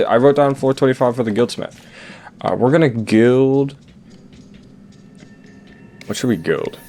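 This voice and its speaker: A man's voice: mid-range voice, unhurried, pauses often, darkish tone. A young man giving casual, rambling commentary over his own gameplay, stuttering and restarting often, his voice cracking and breaking with hiccups. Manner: rambling, self-interrupting, frequent stutters and fillers. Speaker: gaming channel host. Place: home, late at night.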